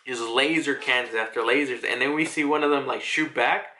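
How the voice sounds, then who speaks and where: A man's voice: medium pitch, fairly quick, pushed and bright, a little hiss or hum. A man giving a casual manga chapter recap, rambling, swearing and leaning on fillers. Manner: rambling, filler-heavy, profane.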